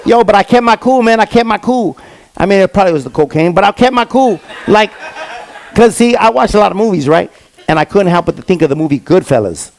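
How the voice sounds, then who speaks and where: High, gravelly streetwise male comic. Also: a little mellow, slight background noise. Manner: streetwise storytelling with slang and repeated fillers. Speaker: stand-up comedian. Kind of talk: stand-up comedy set. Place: comedy stage before a live audience.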